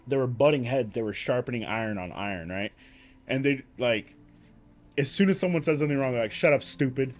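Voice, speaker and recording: A tired young man rambling profanely in a casual late-night monologue, full of fillers, restarts and coughs. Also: medium pitch. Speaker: streamer.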